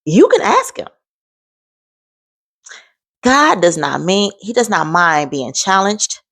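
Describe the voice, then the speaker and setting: A woman's voice: mid-range voice, sing-song, takes it slowly, fairly bright tone, no room sound. A woman in her forties sharing an emphatic, heartfelt faith testimony in a vlog. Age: 40s. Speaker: vlogger.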